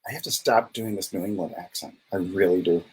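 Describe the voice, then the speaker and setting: A doctor co-hosts a casual live health chat over a video call, speaking a little fast in a slightly mellow, somewhat rough voice. He's playful and teasing, his pitch jumping high when he jokes. The audio quality is poor.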